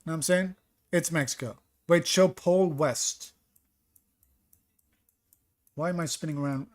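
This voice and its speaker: Taking his time, a man with a fairly high voice streams a geography guessing game. He talks through his reasoning, doubts his answers, and replies to messages from chat.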